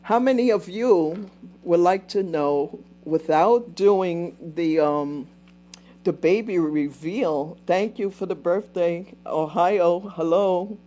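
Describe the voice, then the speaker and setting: A woman with a mellow, lowish voice takes her time telling a story on a livestream, where she retells visions. She meanders, breaking off to greet viewers before returning to the thread.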